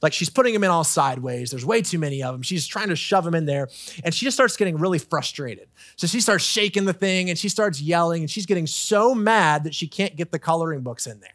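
A man's voice: fairly high pitch, expressive, a little fast, a bit bright, dry recording, studio quality. A man in his thirties preaching a sermon as a pastor, earnest and conversational, telling personal stories. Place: church stage.

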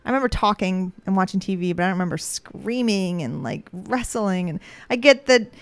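Woman in her 30s cohosting a podcast, laughs a lot, smooth clear voice, dry sound. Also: medium pitch, a little fast, no echo. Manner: chatty, laughs often, animated storytelling. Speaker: podcast co-host. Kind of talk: casual chat.

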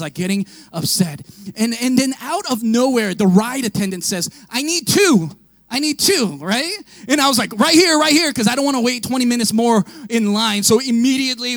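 A male pastor giving an animated storytelling sermon, often raising his voice and laughing. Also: extremely high pitch, no room sound.

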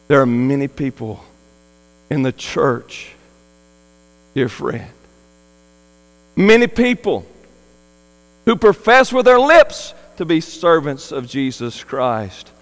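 A man's voice: on the high side, expressive, slow pace, pauses often, in a large hall, poor audio. A man preaching a sermon in an earnest, pleading manner that rises to impassioned emphasis. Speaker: pastor.

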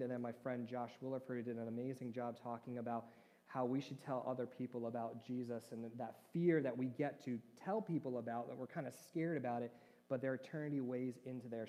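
A man's voice: medium pitch, dark tone. A man preaching a conversational sermon, joking with his congregation. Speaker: pastor. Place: church hall. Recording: reverberant church hall.

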